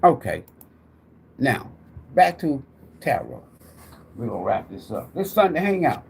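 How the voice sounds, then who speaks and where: Middle-aged male livestream host, preachy and profane, very lively intonation. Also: mid-range voice, a little slow, vocal fry, a little hiss or hum. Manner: animated, profane, preacher-like, addresses viewers directly. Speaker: tarot reader and livestream host. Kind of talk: rambling preachy livestream talk.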